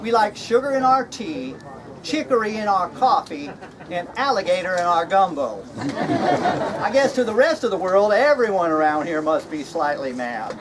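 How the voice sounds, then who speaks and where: A man playing a jovial, folksy, slightly mad Straw Hatter speaks at normal speed in a high, very animated voice. It's an outdoor comedy skit at a reenactment event, full of jokes he chuckles at himself, with crowd noise in the background.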